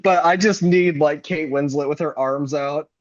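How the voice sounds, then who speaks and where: A man's voice: a little high, moderate pace, dry recording. A man co-hosting a podcast who chats playfully, laughing easily and agreeing enthusiastically. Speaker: podcast co-host. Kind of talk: casual chat. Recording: dull dry lo-fi mic.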